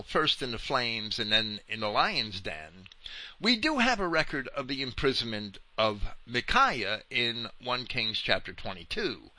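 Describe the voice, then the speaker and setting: A man giving a slow, deliberate verse-by-verse Bible commentary, pushing up hard on the words he wants to stress. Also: mid-range voice, bright, forceful tone, no room sound. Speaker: preacher teaching scripture.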